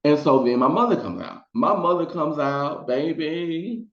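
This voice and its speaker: A man telling a personal story in casual vlog style, acting out the people he quotes. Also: moderate pace. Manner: animated, acts out quotes in high voices. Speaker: storytime vlogger. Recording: roomy, dull lo-fi sound.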